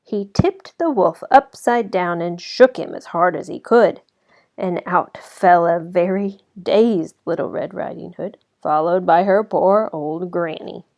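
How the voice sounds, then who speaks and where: A woman reading a children's storybook aloud as narrator, in an expressive way that slows down for effect. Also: fairly low pitch. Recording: slightly dull lo-fi recording.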